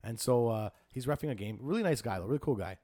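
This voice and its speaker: A man telling stories in a casual chat, swearing freely. His fast talk swings up and down in pitch. The sound is dry and close. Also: no room sound. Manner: animated storyteller, swears freely, says bro.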